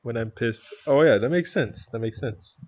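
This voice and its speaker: Canadian male streamer, chatty and loose, average pitch, close mic in a dead-dry room. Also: moderate pace, a little mellow, dry recording. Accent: Canadian (Toronto). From Toronto, Canada. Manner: chatty, rambling, laughs often. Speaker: live streamer. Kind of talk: casual stream chat, reading chat aloud.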